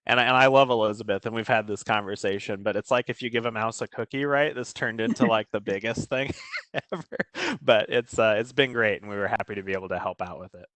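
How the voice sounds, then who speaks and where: A man chatting casually on a video call, telling a story in an animated way. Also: lowish voice, fast talker, no room sound. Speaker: presenter. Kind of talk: casual chat.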